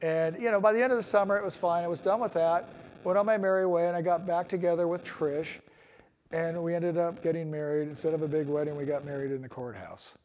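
A middle-aged man tells his own recovery story in a somewhat high, light voice. He rambles candidly and drops wry jokes at his own expense. The sound carries a long hall echo. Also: steady tone, quick pace, darkish tone, slight background noise. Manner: candid, rambling, with wry self-deprecating asides. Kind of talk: personal testimony at a recovery meeting. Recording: long echoey hall reverb.

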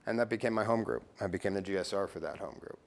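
A man's voice: lowish voice, quick pace, in a large hall. A middle-aged man sharing his recovery story at a meeting, blunt and casual, swearing and tossing in "you know" and "right.".

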